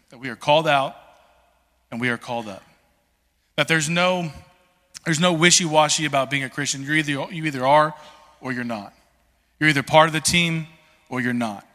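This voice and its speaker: Animated pastor in a ringing hall. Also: male voice, medium pitch. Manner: conversational, animated, many "like"s and restarts. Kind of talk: sermon. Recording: long reverb in a large hall.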